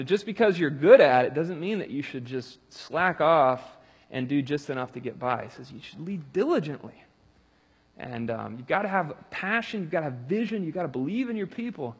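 A man with a somewhat high, husky voice gives a relaxed, conversational sermon, full of fillers and restarts. His words ring with a long reverb, as if in a large hall. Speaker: pastor.

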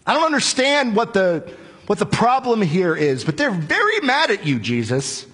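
A male preacher voicing an impatient, exasperated Roman governor who fires loud, incredulous questions during a sermon. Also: high voice, huge pitch swings, moderate pace, breathy edge, in a large hall, pitched above the performer's own voice, heavily acted. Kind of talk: dramatized scripture paraphrase in a sermon.

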